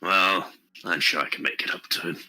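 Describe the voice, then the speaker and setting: A man's voice: low-pitched, brisk, bright, forceful tone, a little hiss or hum. A man playing an earnest young male adventurer who talks in a friendly, slightly formal way.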